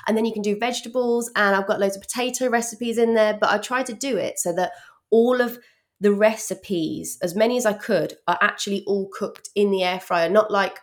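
A woman's voice: medium pitch, fairly quick. Female podcast guest, mid-range voice, bubbly and chatty with plenty of filler words. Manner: bubbly and animated, lots of "like" and "um". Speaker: cookbook author guest. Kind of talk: casual interview chat.

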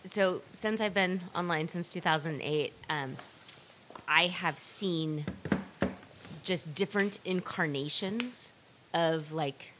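A woman hosting a podcast, talking candidly in casual conversation. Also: low voice. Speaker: podcast host. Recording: faint hiss.

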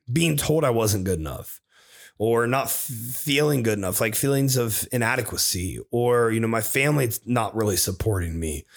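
A man's voice: mid-range voice, gravelly. A young man from Ohio, co-hosting a podcast in casual chat, rambling and swearing as he tells stories. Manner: swearing, rambling, laughs often. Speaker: podcast co-host.

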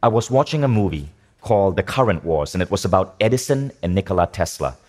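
Man, low-pitched, motivational speaker, energetic, asks the audience questions, repeats phrases. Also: fast talker. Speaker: speaker teaching a workshop. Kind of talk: motivational talk to a live audience.

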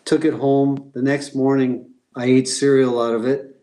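Flat-toned man telling stories, halting. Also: medium pitch, rough recording. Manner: halting, many fillers and restarts. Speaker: guest, former pro hockey player. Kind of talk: relaxed interview storytelling.

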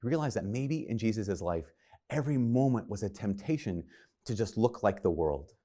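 A man's voice: on the low side, animated, moderate pace, mellow. A man preaching a sermon in an earnest, conversational way, retelling scripture with quoted dialogue.

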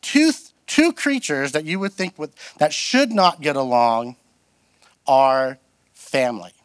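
Middle-aged man, guest pastor, lively storytelling sermon, self-deprecating, slightly high voice, dry close sound. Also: slow, dry recording. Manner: animated, self-deprecating, acts out quoted voices.

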